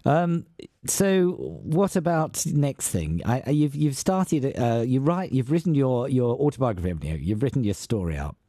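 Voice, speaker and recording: A man's voice: mid-range voice, big pitch swings, normal speed, mellow, no echo, clean studio sound. A man hosting an interview, affirming his guest often with short interjections. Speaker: host.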